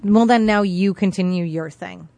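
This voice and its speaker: A woman's voice: lowish voice, normal speed, vocal fry, very noisy. A woman co-hosting a morning radio show, giving frank, blunt opinions in casual banter. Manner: frank, gives blunt verdicts.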